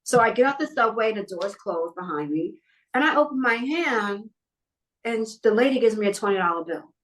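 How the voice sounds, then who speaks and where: A woman's voice: a little high, a little fast, rough recording. Woman animatedly telling a personal story. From New York. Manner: animated storyteller acting out other people's lines. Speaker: guest. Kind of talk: storytelling in a podcast interview.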